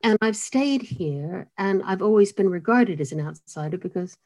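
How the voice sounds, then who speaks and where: An older American woman with an accent between American and British, telling her life story as an interview guest, animated and self-deprecating with frequent laughs. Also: medium pitch, normal speed. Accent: mid-Atlantic mix of American and British. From United States. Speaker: guest author and cellist.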